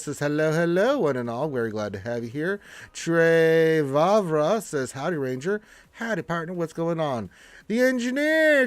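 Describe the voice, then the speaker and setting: A man's voice: medium pitch, no echo. A man hosting a live game stream, congested from allergies, chatting in a laid-back, rambling way as he reads viewer comments.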